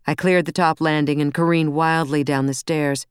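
A woman reading a first-person novel aloud in a brisk, wry, intense storytelling manner, close on a studio mic. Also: deep voice, fairly even intonation, clean tone, dry recording. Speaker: audiobook narrator.

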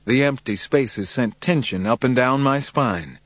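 A man narrating a first-person crime audiobook in a measured, tense way with dramatic pauses. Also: mid-range voice, a bit bright, no echo.

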